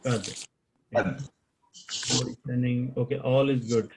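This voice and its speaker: A man teaching an online Arabic grammar class over a video call, slow and patient, repeating key terms and quizzing his students. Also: mid-range voice, fairly even intonation, noisy background. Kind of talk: live online class lecture.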